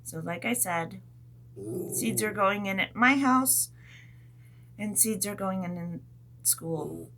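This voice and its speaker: With a mid-range voice, a teacher narrates a story for little children in a warm, expressive manner, punctuating it with sound effects. She takes her time and leaves long pauses.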